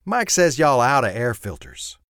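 A man's voice: mid-range voice, very animated, a little slow, fairly bright tone, no room sound, clean studio sound, pitched above the performer's own voice. Man voicing a breezy woman. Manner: breezy, teasing, friendly. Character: warm Southern woman mechanic's friend, confident. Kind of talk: audiobook character voice.

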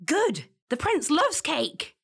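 A woman's voice: high voice, sing-song, slow, creaky, heavily acted. A woman doing a cheeky, bossy fairy sidekick. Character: cheeky non-human female fairy helper.

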